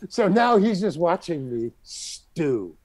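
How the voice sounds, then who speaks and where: A high-pitched older man speaks very slowly in a dry recording. A guest on an interview show, he spins a long anecdote, animatedly acting out each character in it.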